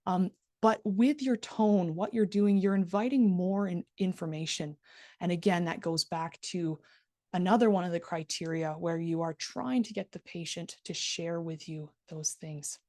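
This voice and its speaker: A middle-aged woman teaching a live online class, modelling soft empathetic phrases and stressing key words as she speaks to her students. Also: fairly low pitch, moderate pace, dry recording, studio quality.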